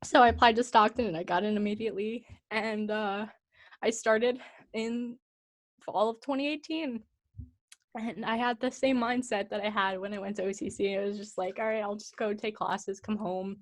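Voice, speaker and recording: A woman in her twenties from the American Northeast talks casually on a podcast. Her voice sits in an ordinary middle pitch, and she grows emotional and tearful as she reflects, laughing through it. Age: 20s. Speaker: podcast co-host.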